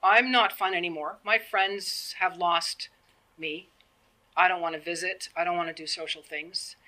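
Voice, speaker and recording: A woman's voice: on the low side, fairly even intonation, unhurried, pushed and bright, poor audio. A woman in her fifties giving a public presentation, earnest and plain-spoken, acting out the conversations she retells. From Canada. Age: 50s. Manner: earnest, plain-spoken, acts out quoted exchanges.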